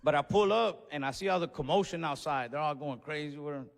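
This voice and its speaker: A man doing stand-up storytelling on a comedy club stage, animated, acting out voices and yells. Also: fairly high pitch, brisk, a little hiss or hum. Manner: animated, acts out voices and yells in his stories. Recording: stage mic in a reverberant venue.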